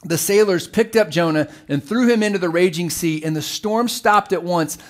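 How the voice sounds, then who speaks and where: A middle-aged man preaching a sermon as pastor, telling the story with animated, acted-out voices. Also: high voice, normal speed.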